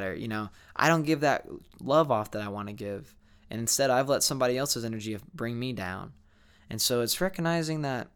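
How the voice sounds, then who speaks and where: Young guy vlogging, kinda sleepy, rambling and candid, smooth clear voice. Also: mid-range voice, fairly bright tone. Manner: candid, rambling, many fillers and restarts. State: sleepy, yawning. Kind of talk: rambling reflective monologue.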